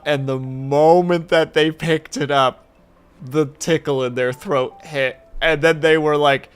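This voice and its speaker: A man streaming and telling stories in casual chat, animated and quick to swear. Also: fairly high pitch, clear, resonant tone, soft background music.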